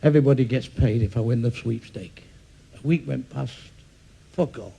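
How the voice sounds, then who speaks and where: A man's voice: mid-range voice, normal speed, creaky, background noise. An older man tells crude, profane stand-up jokes in a blunt way and acts out their characters. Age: 60s. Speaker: stand-up comedian. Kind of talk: stand-up joke telling.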